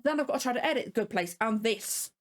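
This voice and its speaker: A woman's voice: on the high side, animated, quick pace. A woman hosting a casual reaction video, rambling and frank, openly annoyed about the episode she watched. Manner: rambling and frank, many fillers and restarts. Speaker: reaction channel host.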